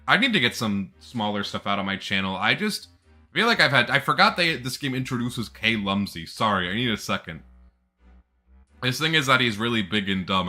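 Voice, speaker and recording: Very bright-voiced chatty male streamer. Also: lowish voice. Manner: chatty, rambling, laughs a lot. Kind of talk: casual live-stream chat.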